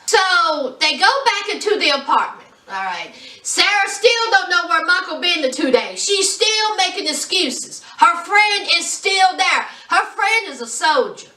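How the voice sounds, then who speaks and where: Lady vlogger, sassy and animated, high voice, echoey room, bit far from the mic. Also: measured pace, hardly any pauses. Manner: sassy, animated, acts out people she quotes. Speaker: reality TV recap vlogger. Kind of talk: casual chat.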